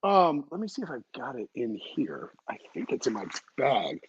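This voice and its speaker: A man hosting a podcast in casual chat, rambling and energetic, with lots of fillers and restarts. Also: medium pitch, normal speed, dull audio, slight background noise. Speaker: podcast host. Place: home setup away from his usual room.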